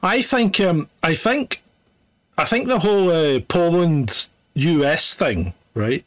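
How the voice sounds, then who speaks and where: A man's voice: fairly high pitch, expressive, slow, dry recording. A man co-hosting a podcast in casual chat, opinionated and laughing often. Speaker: podcast co-host.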